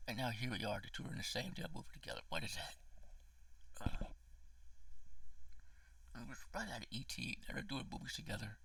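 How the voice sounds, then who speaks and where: A man's voice: medium pitch, animated, brisk, creaky, pauses often, bright, forceful tone, husky, no echo, far from the mic. A man giving a casual spoken movie review, ranting with emotion and profanity, sometimes dropping to a whisper.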